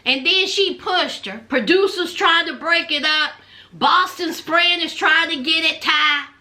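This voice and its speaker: Sassy high-voiced woman recapping reality TV. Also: measured pace, pushed and bright. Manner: sassy, sarcastic, slangy asides to viewers. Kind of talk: casual reality show recap commentary.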